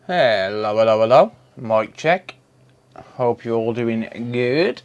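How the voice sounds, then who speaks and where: A man's voice: mid-range voice, expressive, slow pace, clear, resonant tone, muffled recording. A man in his thirties hosting a live repair stream, casually greeting viewers by name and calling them "mate".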